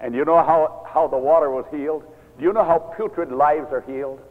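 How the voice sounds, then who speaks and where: An older man preaching a sermon as a minister, animated, sometimes stern, often acting out what others say. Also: on the high side, brisk. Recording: tinny phone-like sound in a large reverberant hall.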